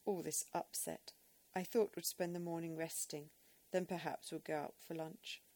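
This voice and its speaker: A woman's voice: deep voice, fairly even intonation, moderate pace, dark tone, lightly acted. Woman reader as dramatic older matron, huffy, clipped. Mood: put-upon. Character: fussy older English lady, indignant and dramatic.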